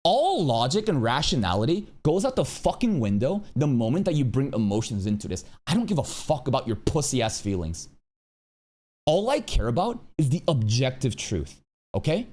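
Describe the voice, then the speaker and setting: A man's voice: medium pitch, wildly swooping pitch, normal speed, a little mellow. A male streamer giving a heated, profane commentary rant. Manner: profane, heated, sweeping rants. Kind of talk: ranting commentary to camera.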